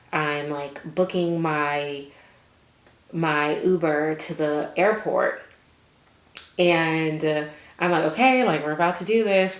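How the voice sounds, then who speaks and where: A woman with a low-pitched voice tells a personal story in a casual vlog style. She is chatty and animated, with plenty of fillers and quoted inner thoughts. The sound carries a roomy echo. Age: adult with children. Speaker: vlogger.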